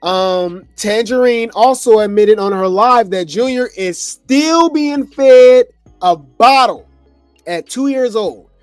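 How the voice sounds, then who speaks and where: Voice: mid-range voice, slow pace, clean tone, no room sound, studio quality, faint music behind. A gossip commentary host, reacting to clips with sarcastic, incredulous asides.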